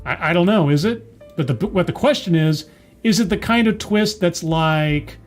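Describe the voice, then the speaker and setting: High-pitched sarcastic man recapping a show. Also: moderate pace, faint music behind. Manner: sarcastic, mocking, sighing. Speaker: TV show reviewer. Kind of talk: casual episode recap and review.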